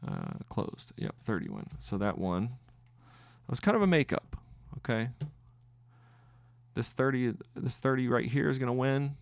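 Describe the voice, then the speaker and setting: A man hosts a trading podcast, thinking aloud about his trades in live commentary and halting and restarting as he tallies wins and losses. His mid-range voice is gravelly with a sing-song lilt, and there's no echo.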